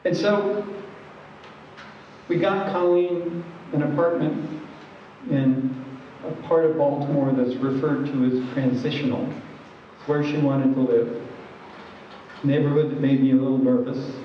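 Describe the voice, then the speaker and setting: A man's voice: mid-range voice, fairly even intonation, a little slow, long pauses, slight background noise. A man giving a training presentation, telling a story in a conversational, wry way. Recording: echoey hall from far off, dull lo-fi.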